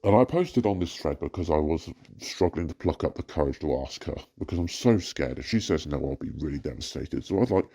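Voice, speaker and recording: A distressed, frustrated man records an anonymous rant venting about his family life, hesitating with many fillers before bursting out in agitation. His very deep, mellow voice is animated and a little fast, with hardly any pauses.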